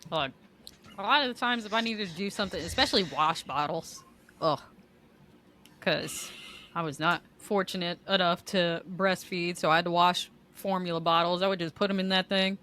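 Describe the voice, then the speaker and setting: Young woman, podcast co-host, casual candid chat, laughs a lot, bright voice. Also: fairly low pitch, normal speed, a little hiss or hum. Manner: laughs often, candid and chatty.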